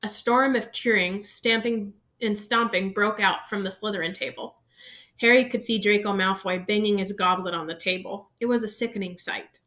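A woman reading a novel aloud in steady storytelling narration. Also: mid-range voice, normal speed. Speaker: reader.

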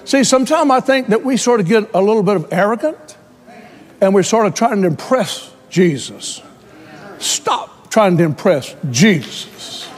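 High-voiced preacher man in an echoing hall. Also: animated, unhurried. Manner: storytelling preacher who rises to shouting when quoting. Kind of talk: sermon.

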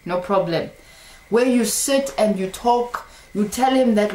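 Animated woman preaching in an echoey room. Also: medium pitch, unhurried. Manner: animated, scolding and teasing, mimics voices. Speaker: Christian teacher. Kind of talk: casual spoken sermon to camera.

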